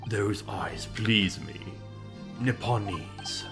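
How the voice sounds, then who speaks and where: A cold, contemptuous prosecutor, put on by a man in a slow, hushed, sinister voice that sits lower than his usual one. Game music plays clearly behind. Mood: menacing. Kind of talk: reading game dialogue aloud.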